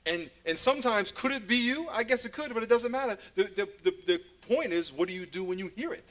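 Male preacher, high voice, playful storyteller, swings from loud to hushed. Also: expressive, brisk. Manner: storytelling, playful, laughs at his own stories; sudden loud calls and drops to a hush. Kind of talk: sermon.

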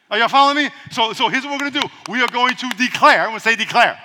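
A man's voice: very high voice, animated, racing, few pauses, pushed and bright, long reverb tail. A man preaching a sermon as pastor, calling on the congregation to repeat after him, with playful asides. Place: church.

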